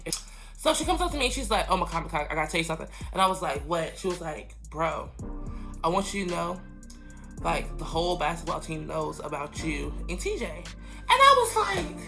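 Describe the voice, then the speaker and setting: Teen guy doing a storytime, bright sharp voice, lots of likes, acts out his friends. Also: a little high, sing-song, fairly quick, gravelly, faint music behind. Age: late teens. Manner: chatty, many "like" fillers, acts out quoted friends. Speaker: vlogger. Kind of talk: casual storytime chat.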